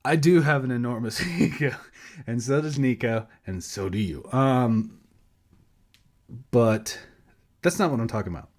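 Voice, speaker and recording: A man's voice: mid-range voice, a little slow, pauses often, darkish tone. A sleep-deprived man co-hosting a podcast by himself, rambling casually, losing his thread and laughing at himself. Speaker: podcast co-host.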